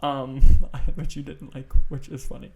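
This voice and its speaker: A man's voice: medium pitch, little pitch movement, moderate pace, vocal fry, dark tone. Chatty, swearing male podcast co-host. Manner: loose and enthusiastic, swears often, trails off into fillers. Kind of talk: casual chat.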